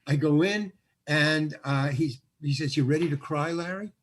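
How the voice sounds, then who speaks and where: A man's voice: on the high side, moderate pace, slight background noise. An older man acting as the guest, telling a story in an interview and acting out the lines of other people. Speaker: guest actor.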